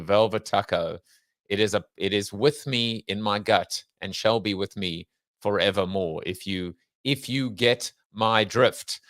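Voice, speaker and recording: A man's voice: lowish voice, a bit bright, no room sound, rough recording. Joking, rambling male livestream host. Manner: jokey, rambling, self-mocking. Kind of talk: casual livestream monologue.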